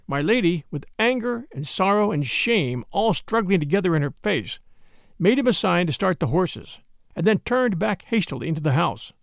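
A man narrating a classic novel as an audiobook, telling it in an expressive storytelling manner. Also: high voice, gravelly, no echo, studio quality.

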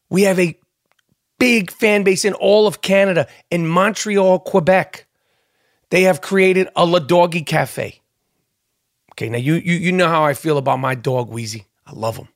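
A man's voice: a little high, creaky, dry recording, clean studio sound. A middle-aged man hosting his own podcast, ranting in a heated, profane, rambling way with lots of stammered restarts. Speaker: podcast host. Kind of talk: ranting monologue.

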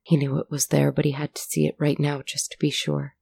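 A woman narrating a dramatic story in a measured, dramatic reading. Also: deep voice, monotone, creaky, darkish tone, slightly rough.

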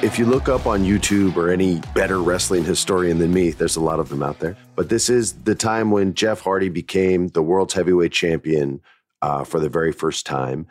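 A man's voice: sits low, normal speed, no echo, studio quality, soft background music. A man in his forties hosting a podcast, telling a story in a candid, reflective way and looping back to restart his thoughts. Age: 40s. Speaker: podcast host. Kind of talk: casual storytelling monologue.

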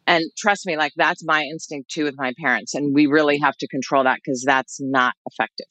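Measured clinician guest, dry close voice. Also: mid-range voice, steady tone, bright, forceful tone, no echo, poor audio. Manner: measured, reassuring, advice-giving. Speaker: expert guest, clinician for older adults. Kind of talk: explanatory interview answers.

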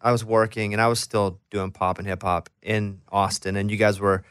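A man's voice: on the low side, little pitch movement, normal speed, a bit bright, clean tone, no room sound, clean studio sound. A man hosting a podcast interview, talking in a candid, chatty way. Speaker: podcast host. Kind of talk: casual interview chat.

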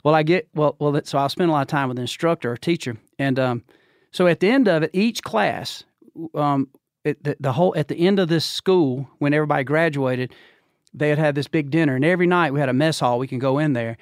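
A man in his fifties from Georgia, USA, with a Southern drawl, tells a long story as a podcast guest in a casual chat, acting out the voices with big pitch jumps and laughs. He speaks briskly, and the studio-quality sound has no room tone.

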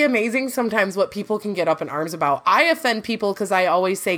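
A woman hosting a casual podcast chat, talkative and quick to laugh, often restarting her sentences. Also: medium pitch, lively intonation, fairly bright tone. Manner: chatty, laughs easily, rambling restarts. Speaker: podcast host; works in farm market analysis.

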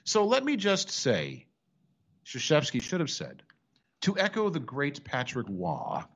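A man's voice: fairly high pitch, huge pitch swings, measured pace, a bit bright. A man hosting a sports talk radio show in a studio, ranting sarcastically in casual banter.

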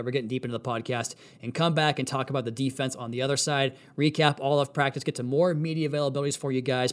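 Guy hosting a football pod, all pumped up, talking quick, regular mid voice. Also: medium pitch. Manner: excited, fast-talking. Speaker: podcast host. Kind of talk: solo sports podcast analysis.

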